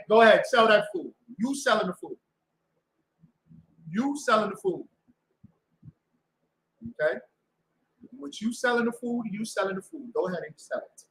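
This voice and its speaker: A fiery male preacher with a high, bright, cutting voice that jumps into sudden shouts. He mocks and repeats his points over and over. The sound bounces around a reverberant room with a faint hum behind it. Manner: loud, mocking, repetitive, with shouted bursts. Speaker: street preacher and show host. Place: indoor room with a door to the street.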